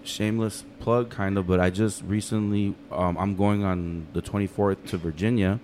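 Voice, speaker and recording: A man talking casually on a podcast, telling stories in a fast, animated, profane way. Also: on the low side, a little hiss or hum. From United States.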